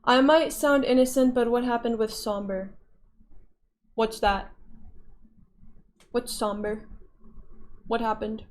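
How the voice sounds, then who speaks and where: A woman's voice: on the high side, steady tone, takes it slowly, pauses often, a little mellow. Giggly young woman streamer. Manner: giggly, playful, reacts to chat. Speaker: livestreamer reading chat. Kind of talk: casual stream chat.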